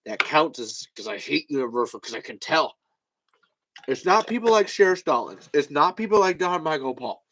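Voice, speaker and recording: A man's voice: fairly high pitch, sing-song, normal speed, fairly bright tone, rough recording. A man hosting a podcast in casual chat, rambling and swearing freely. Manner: rambling, profane. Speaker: podcast host.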